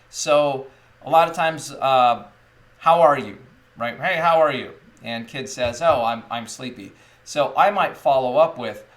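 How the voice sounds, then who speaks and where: A man in his thirties, an English teacher, talks casually to camera about classroom methods in a medium-pitched, fairly bright voice. He rambles and jokes, with many fillers and restarts.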